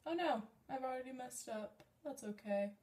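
High-voiced young woman rambling. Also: moderate pace, background noise. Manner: rambling, self-deprecating chatter. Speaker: vlogger. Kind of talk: casual makeup vlog. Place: at home.

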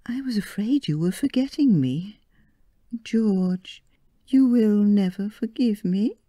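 A woman voicing a demure, playful young bride in a read-aloud story, speaking softly and teasingly. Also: mid-range voice, lively intonation, slow, dry recording, clean studio sound, voice pushed up.

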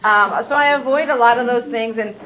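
A woman's voice: on the high side, a little fast, crowd noise. Woman presenting a parent training. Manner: conversational, with frequent fillers and acted-out examples. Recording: dull, muffled sound.

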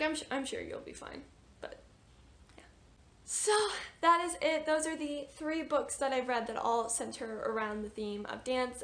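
A woman's voice: on the high side, fairly bright tone, a little hiss or hum. A young woman casually reviewing books for her vlog, chatty and gushing, with lots of fillers and exclamations. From United States. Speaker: book reviewer.

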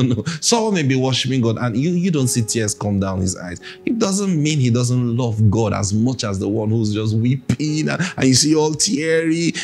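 A man preaching a sermon, emphatic and repeating phrases for stress. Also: mid-range voice.

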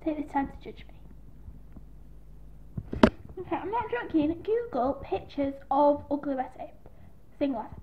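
A woman's voice: high-pitched, lively intonation, unhurried, long pauses. A young woman vlogging in a rambling, self-deprecating casual chat to camera, recorded on a tablet. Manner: giggly, self-deprecating, scattered. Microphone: tablet built-in mic. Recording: tinny lo-fi tablet audio with faint hiss.

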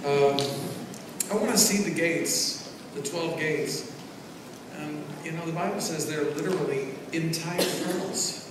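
A man preaching a sermon as pastor, swinging between loud proclamations and quiet asides. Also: on the high side, a little slow. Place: large church sanctuary. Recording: echoey church hall from far off, noisy.

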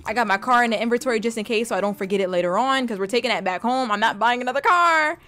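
A young woman giving casual, slangy gameplay commentary, talking straight to her game character and breaking into excited exclamations. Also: fairly high pitch, very fast. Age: young adult. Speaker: gaming video host.

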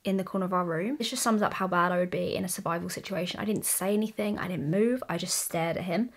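A woman's voice: lowish voice, quick pace. A young British woman chatting candidly through a makeup tutorial, trading asides and stories as she works. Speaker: beauty vlogger.

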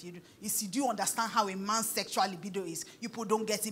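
Nigerian woman preaching with lively storytelling. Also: mid-range voice, fast talker, slight background noise. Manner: lively storytelling, mixes pidgin phrases, laughs often. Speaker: pastor. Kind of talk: sermon.

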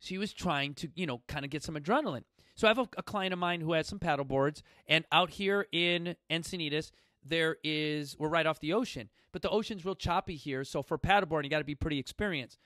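A man, hosting his own fitness talk show and telling a personal story in a direct, emphatic way that swings between loud bursts and quiet asides. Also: on the high side, brisk, dry recording, studio quality. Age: 40s. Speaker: gym founder and podcast host. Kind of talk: motivational storytelling monologue. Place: coastal Southern California gym studio.

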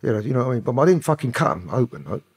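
Husky London man telling rough stories. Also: mid-range voice, big pitch swings, rapid-fire. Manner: profane, rambling street talk. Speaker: podcast guest. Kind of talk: casual storytelling interview.

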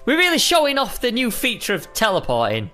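Young man, casual gaming chat, lively pitch, playful, faint music behind. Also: brisk. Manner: chatty, playful, keeps calling his partner mate. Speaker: gaming co-host. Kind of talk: casual Minecraft let's play chat.

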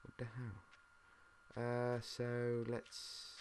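A man's voice: mid-range voice, completely flat delivery, extremely slow, darkish tone. Mumbling British guy at a noisy mic. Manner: mumbling, thinks aloud, swears at the game. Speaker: gamer. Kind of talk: casual let's-play commentary. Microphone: desk mic. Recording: noisy home mic with mouse clicks.

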